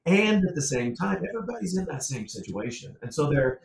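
A man's voice: on the high side, very animated, fairly quick, creaky, a crowd in the background. Man talking from a roomy distance. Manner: rambling, many restarts, laughs often. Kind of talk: casual conversation.

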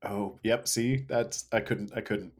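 A man co-hosting a podcast, talking in casual chat, animated and hesitant, often restarting his sentences. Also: lowish voice, unhurried. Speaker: podcast co-host. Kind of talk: casual conversation.

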